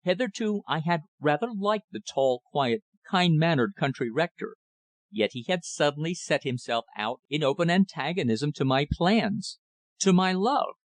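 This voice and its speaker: A man's voice: fairly high pitch, dry recording. Male narrator reading a period mystery. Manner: measured, expressive reading of dialogue. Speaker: audiobook narrator. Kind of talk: first-person audiobook narration.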